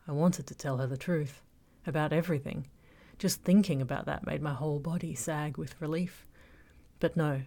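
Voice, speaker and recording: Brief: female audiobook narrator, low voice with vocal fry, measured first-person telling. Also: darkish tone. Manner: measured, reflective storytelling.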